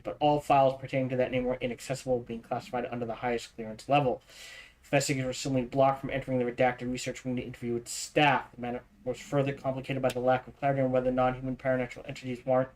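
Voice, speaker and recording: A man livestreaming a game, reading in-game documents aloud quickly, stumbling over words and restarting, with casual asides in between. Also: mid-range voice, flat delivery, poor audio. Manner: reads fast, stumbles and restarts, adds asides. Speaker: streamer.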